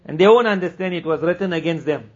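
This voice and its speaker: A man's voice: fairly high pitch, a little mellow. Man preaching in a dull lo-fi recording. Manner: conversational, acts out quoted dialogue; recites Arabic scripture passages rapidly. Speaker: religious teacher. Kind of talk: sermon at a weekly gathering.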